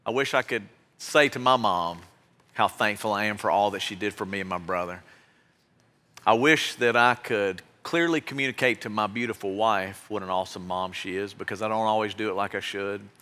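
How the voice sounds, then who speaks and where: A man's voice: fairly low pitch, moderate pace, sharp tone. Heartfelt male pastor in a ringing hall. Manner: earnest, heartfelt exhortation. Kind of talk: sermon. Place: church sanctuary. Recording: long reverb of a large hall.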